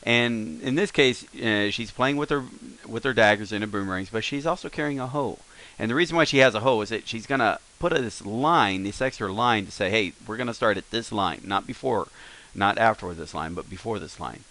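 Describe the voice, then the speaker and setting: A man's voice: on the low side, a little fast, bright, forceful tone, rough recording. A man teaching a casual recorded lesson, explaining in a rambling way with many fillers and self-corrections.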